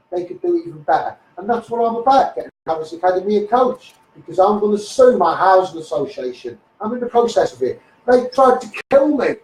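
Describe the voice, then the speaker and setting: A man's voice: high-pitched, a little mellow, roomy sound, distant mic, poor audio. A man with a Scouse accent in a blunt, rambling live stream rant, repeating "mate" and "you know what I mean". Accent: Liverpool (Scouse). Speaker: local campaigner on a live stream. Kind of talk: ranting live stream monologue.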